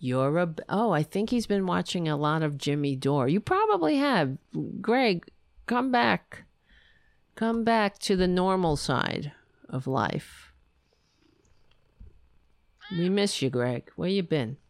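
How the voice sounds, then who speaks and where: Blunt, ranting woman, slow and dry. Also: fairly low pitch, sing-song, no echo. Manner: blunt, ranting, talks to her cats and chat. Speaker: livestream host. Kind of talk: casual political livestream chat.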